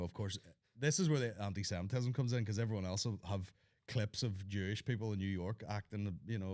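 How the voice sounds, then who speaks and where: A man's voice: lowish voice, darkish tone. A man hosting a podcast, rambling through loose stories with lots of swearing, laughing at his own jokes. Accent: Northern Irish. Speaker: podcast host. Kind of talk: casual chat.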